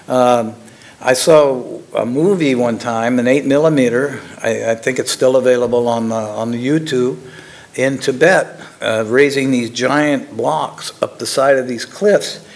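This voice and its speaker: An older man, a former lab technician, telling his story in a casual, halting way with frequent chuckles. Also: mid-range voice.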